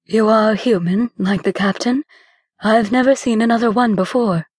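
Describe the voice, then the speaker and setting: Audiobook figure: woman narrator doing a serene alien female fighter, measured and formal, dry close sound. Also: fairly high pitch, darkish tone, breathy edge, no echo. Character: calm, formal alien woman warrior with antlers.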